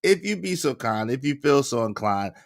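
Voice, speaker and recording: A man hosting a livestream, chatting casually with an animated, slangy delivery and rhythmic shout-outs to the chat. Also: medium pitch, normal speed, gravelly, dry recording, studio quality. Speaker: livestream host.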